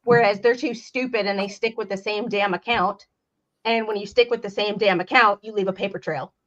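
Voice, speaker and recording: A woman's voice: mid-range voice, steady tone, fairly quick, fairly bright tone, muffled recording. A woman hosting a casual livestream chat from home, talking loosely and laughing between remarks. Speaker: host.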